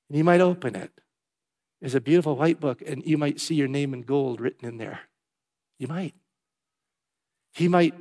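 A man preaching a sermon, swinging between hushed, tender passages and loud, emphatic ones. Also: fairly high pitch. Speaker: pastor.

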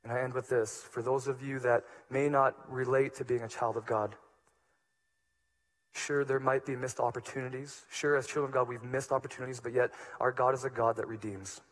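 A man preaching a sermon as pastor, moving between hushed, low passages and loud, emphatic ones. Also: level tone, moderate pace.

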